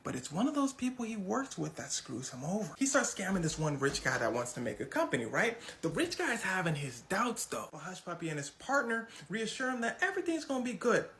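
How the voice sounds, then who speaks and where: A woman's voice: mid-range voice, a little hiss or hum. A woman telling a comic true-crime story in a casual, slangy way. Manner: animated, slangy, switches into quick character voices.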